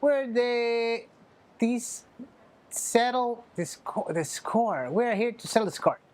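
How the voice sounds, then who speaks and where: A man's voice: very high voice, lively intonation, extremely slow, pitched above the performer's own voice, full character voice. A man voicing a cocky young street thug in a video game, taunting and sneering in a raised voice.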